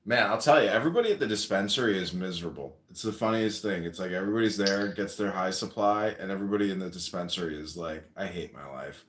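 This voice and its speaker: A man hosting a casual livestream chat, joking and offhand, often clearing his throat. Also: low-pitched, fast, hardly any pauses, reverberant. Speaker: host.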